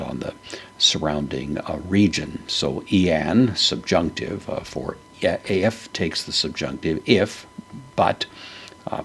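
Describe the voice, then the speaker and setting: A man teaching a verse-by-verse Greek Bible lesson, unhurried, with many fillers as he parses each word. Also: rumbling low, vocal fry, fairly bright tone, a little hiss or hum.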